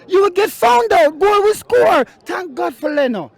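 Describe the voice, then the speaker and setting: A man's voice: very high voice, very animated, measured pace, vocal fry, a faint crowd. A man, a football fan, ranting passionately to camera outside the ground. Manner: impassioned, emphatic, repeats for stress.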